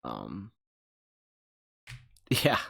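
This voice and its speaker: A man's voice: very deep voice, wildly swooping pitch, drawn-out words, creaky, pushed and bright, husky. A man hosting a casual livestream, rambling through chat questions with profane joking accusations. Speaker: channel host.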